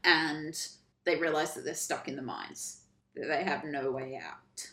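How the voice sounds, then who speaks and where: Low-voiced woman retelling a story casually. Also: fairly even intonation, sharp tone, roomy sound. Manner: acts out characters in quick quoted voices. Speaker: podcast co-host.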